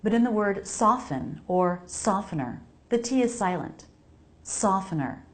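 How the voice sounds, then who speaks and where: Slow, careful American woman teaching pronunciation. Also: medium pitch, expressive. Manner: slow, careful, models sounds and repeats words for the viewer. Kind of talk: English pronunciation lesson. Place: home laundry area.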